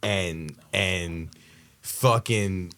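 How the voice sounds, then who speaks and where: A man's voice: deep voice, drawn-out words, fairly bright tone, clean tone. A man co-hosting a podcast in casual chat, telling rambling, profane stories. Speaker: podcast co-host.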